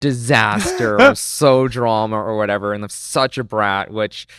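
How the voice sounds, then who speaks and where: A man in his twenties, a podcast guest, telling stories in fast casual chat full of fillers. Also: lowish voice, lively intonation, a bit bright, clear, resonant tone, dry recording, studio quality. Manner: fast, chatty storyteller with lots of "like" fillers. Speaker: podcast guest, content creator.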